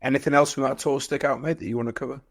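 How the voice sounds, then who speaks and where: A man hosting a podcast interview, asking short, relaxed questions in a matey way. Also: mid-range voice, racing, no room sound, clean studio sound.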